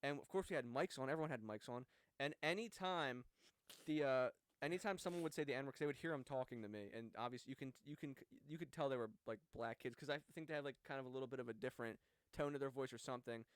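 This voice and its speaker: A man's voice: mid-range voice, quick pace, clean tone, no echo. A young American man in his twenties, co-hosting a casual podcast chat. He rambles, restarting his sentences and filling gaps with fillers. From United States. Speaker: podcast co-host.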